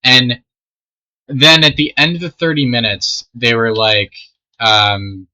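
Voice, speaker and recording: A man's voice: mid-range voice, fairly even intonation, slow, bright, forceful tone. A young man telling a rambling, swear-filled story while he plays a game, often trailing off mid-sentence. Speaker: storytelling gamer. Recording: dull lo-fi mic.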